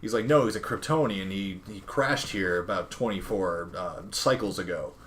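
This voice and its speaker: A man's voice: low-pitched, moderate pace, fairly bright tone, slight background noise. A man casually retelling a comic book's plot on a podcast, rambling with lots of fillers and quoted dialogue. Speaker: podcast co-host recapping a comic. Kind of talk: casual chat.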